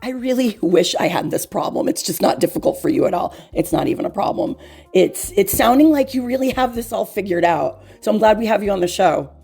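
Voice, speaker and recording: A woman hosting a comedic mock interview, speaking in a hesitant, halting way with gentle teasing. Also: mid-range voice, animated, vocal fry, slightly rough, soft background music. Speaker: host.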